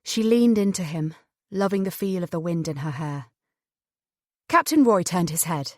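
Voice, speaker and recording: A woman narrating an audiobook in an expressive storytelling manner, close to the microphone. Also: lowish voice, normal speed, dry recording.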